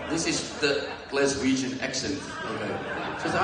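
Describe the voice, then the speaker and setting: Guest storyteller: Dutch man, non-native English, animated and profane, distant mic in an echoey hall with a noisy crowd. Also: mid-range voice, normal speed. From Netherlands. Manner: lively anecdotal, swears, acts out dialogue. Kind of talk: live Q and A storytelling. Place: large hall before an audience.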